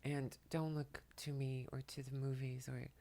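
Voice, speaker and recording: A tearful woman at home, speaking to the camera in a soft, halting way while relaying messages, often dropping to a whisper. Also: a bass voice, level tone. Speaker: spiritual channeler and makeup vlogger. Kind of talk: emotional channeling talk to camera. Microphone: camera mic, speaking to the camera.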